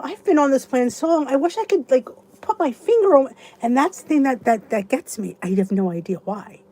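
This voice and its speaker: A chatty woman in her fifties hosts a casual live stream and answers viewers by name. Her voice sits a little high, and she rambles along with plenty of restarts. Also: dark tone. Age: 50s. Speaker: YouTube channel host.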